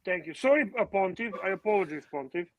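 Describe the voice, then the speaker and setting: A man's voice: sits high, expressive, quick pace, no echo, lo-fi sound. A man co-hosting a casual livestream, playful and teasing. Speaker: livestream co-host.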